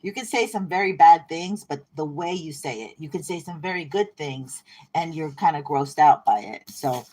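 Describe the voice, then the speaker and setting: A woman reading tarot cards in a casual, rambling way. Her voice sits a bit low. She is irreverent and breaks into laughter often. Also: normal speed, dark tone. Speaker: tarot reader. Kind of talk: casual spiritual card reading.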